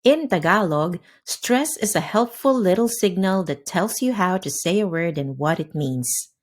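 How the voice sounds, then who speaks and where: A woman hosting a scripted language lesson, upbeat and crisply enunciating, giving drill words slowly one at a time. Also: lowish voice, animated. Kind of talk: scripted instructional narration. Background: faint background music.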